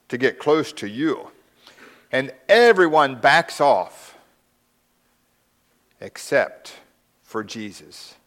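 A male preacher delivers a sermon in a slightly high voice, taking his time. He tells the story with drama, letting his voice sink to a hush and then swell again for emphasis. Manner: slow, dramatic storytelling with hushed drops and rising emphasis.

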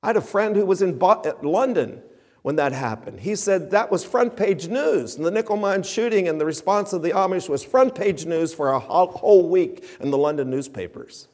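A man's voice: high voice, lively intonation, normal speed, darkish tone. A man preaching a sermon with emphatic, rising and falling delivery. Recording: long reverb of a hall.

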